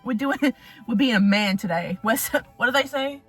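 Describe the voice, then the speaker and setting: A young woman, talking in an animated, profane, rambling way in a casual vlog. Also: on the high side, normal speed, slightly rough, faint music behind. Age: young adult. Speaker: vlogger.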